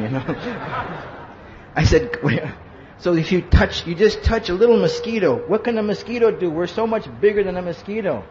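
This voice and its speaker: In a roomy, lo-fi hall recording with some hum, a preacher whose voice is on the high side and a little mellow tells personal stories as a sermon at a moderate pace. He acts out what people said in a conversational style, often throwing in "huh?".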